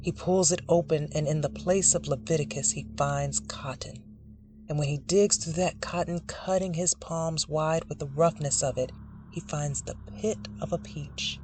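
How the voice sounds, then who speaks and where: A narrator reading a dark literary short story in a measured, dramatic way. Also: medium pitch, steady tone, background noise.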